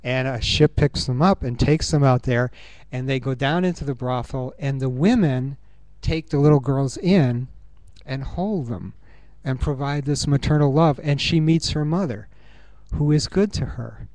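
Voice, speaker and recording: A man's voice: mid-range voice, a little mellow, no echo. Man, conference speaker, earnest and musing, mid-range voice, dry close sound. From United States. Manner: earnest, musing, thinks aloud with pauses and fillers. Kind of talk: reflective conference talk. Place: university conference room.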